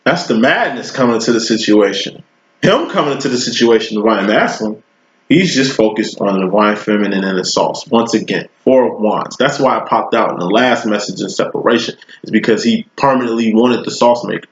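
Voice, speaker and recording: A man's voice: fairly low pitch, a little fast, slight background noise. A man giving a casual tarot reading, talking in a loose, slangy, profane way and spinning long rambling analogies. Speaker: tarot reader. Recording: roomy, dull lo-fi recording.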